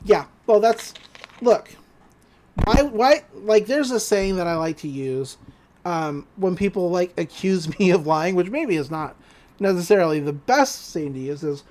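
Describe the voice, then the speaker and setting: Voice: mid-range voice, animated, unhurried, darkish tone. A podcast host giving a casual, rambling episode recap, often laughing.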